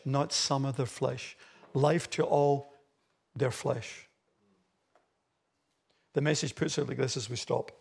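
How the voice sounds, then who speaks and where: Australian male pastor, gravelly husky voice, emphatic sermon delivery. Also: medium pitch. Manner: emphatic preaching, rising loud on key phrases. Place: church hall.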